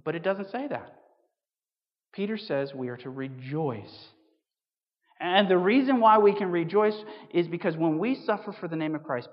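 Preacher, conversational sermon, rhetorical questions, wry asides, long reverb, dull muffled sound. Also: mid-range voice. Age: 30s or older. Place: church hall.

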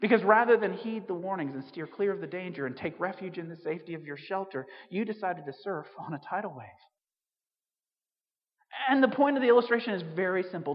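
A man preaching a sermon in a conversational way, full of asides and restarts. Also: high voice. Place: church on Jersey. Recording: dull reverberant hall recording.

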